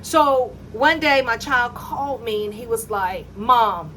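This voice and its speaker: High-voiced woman telling her testimony. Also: a little slow, slight background noise. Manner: animated, acts out dialogue in her story. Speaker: mother telling a personal faith story. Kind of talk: personal testimony storytelling.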